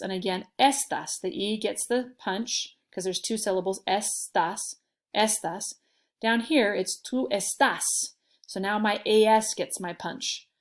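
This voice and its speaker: A woman's voice: mid-range voice, a little mellow. Patient woman teaching a lesson. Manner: clear, patient teacher talk, stressing sounds. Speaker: Spanish teacher. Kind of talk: classroom lesson explanation.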